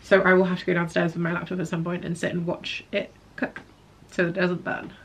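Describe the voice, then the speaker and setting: A young woman with a slightly low voice chats her way through a daily vlog at home. She rambles casually and drops in self-deprecating asides as she goes. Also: little pitch movement, a little fast, heavy background noise. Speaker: vlogger.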